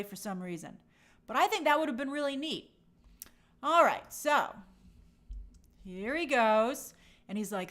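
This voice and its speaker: Chatty high-pitched woman reviewing a trailer. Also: a bit bright. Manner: chatty and opinionated, with lots of fillers and mock quotes. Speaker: film trailer reviewer and host. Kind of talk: casual trailer breakdown commentary.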